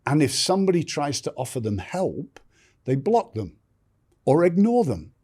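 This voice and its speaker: A man's voice: on the high side, big pitch swings, normal speed, warm tone, husky. A middle-aged man, a podcast guest, telling stories in conversation and acting out other people's lines. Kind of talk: storytelling in conversation.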